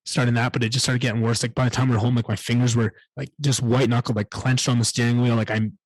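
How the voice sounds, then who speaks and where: A man's voice: mid-range voice, level tone, fast, no room sound. A man hosting a solo podcast, telling a candid personal story in a rambling way and swearing often. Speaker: podcast host.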